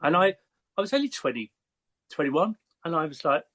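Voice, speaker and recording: Chatty English man with higher voice. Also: moderate pace. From Croydon, England. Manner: lively, chatty, laughs often, with frequent fillers. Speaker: podcast guest, hairstylist. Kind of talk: casual storytelling.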